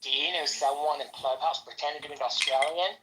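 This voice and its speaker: A woman's voice: deep voice, fairly even intonation, a little fast. A woman doing teasing mock-announcer patter on a live audio stream. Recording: loud music behind.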